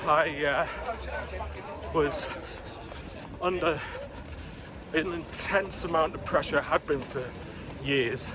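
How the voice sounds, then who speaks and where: A man's voice: a little high, takes it slowly. A middle-aged man from Newcastle with a Geordie accent tinged with London, chatting frankly while running outdoors through city streets and along a canal. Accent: Geordie mixed with London. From Newcastle, England. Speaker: running vlogger. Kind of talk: casual running vlog. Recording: clear urban background noise.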